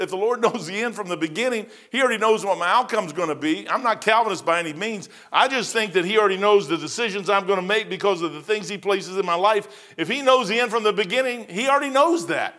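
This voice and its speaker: A man's voice: high-pitched, lively intonation, fairly quick, fairly bright tone. A middle-aged man, a pastor, giving a verse-by-verse sermon in a folksy, conversational way with personal stories.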